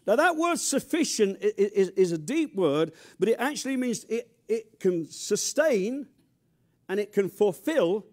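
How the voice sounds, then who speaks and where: An older man from near London preaching a sermon with an English accent, animated and humorous, dropping from loud emphasis to quiet asides. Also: high-pitched, unhurried. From England. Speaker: pastor.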